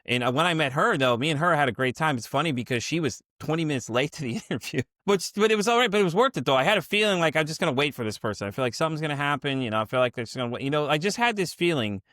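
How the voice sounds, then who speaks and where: A man's voice: on the high side, lively intonation, racing, hardly any pauses, pushed and bright, no room sound, studio quality. A man from the Chicago area hosting a podcast, chatting in a casual, rambling way with lots of "you know" fillers. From Chicago area, USA. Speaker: podcast host. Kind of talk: casual conversational interview.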